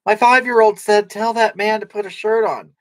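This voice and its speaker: A woman's voice: mid-range voice, steady tone, moderate pace, no echo, natural voice. A woman playing a brash, sarcastic livestream personality who rambles and snaps back at viewers' comments. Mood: snarky. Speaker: livestream comedy character. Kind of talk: improvised comedic livestream chat.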